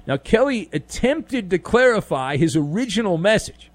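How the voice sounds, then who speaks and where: Animated, sarcastic sports talk man. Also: sits high, normal speed, dry recording. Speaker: sports talk show host.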